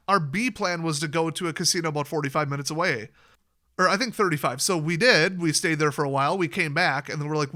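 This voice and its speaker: A man giving casual casino advice, rambling and chatty in deliberately clear, well-spoken diction, acting out quoted dialogue with sudden high jumps in his voice. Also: sharp tone.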